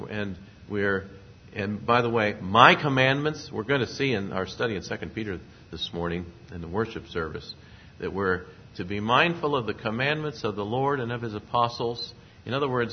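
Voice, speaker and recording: A man preaching a sermon, speaking at a measured pace and lifting his voice when quoting scripture. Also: fairly low pitch. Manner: measured preaching, rising emphasis on scripture quotes. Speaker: pastor. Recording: dull lo-fi sound, faint noise.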